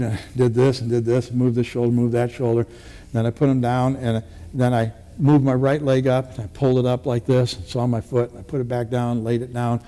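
A man's voice: medium pitch, dark tone. An older man, a military veteran, recounting his past in a rambling, vivid oral-history style with many restarts.

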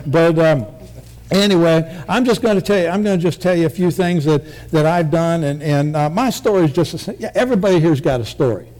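A man's voice: a little high, fairly quick, darkish tone. Folksy man preaching his testimony. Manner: folksy, joking, rambling. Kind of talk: church testimony sermon.

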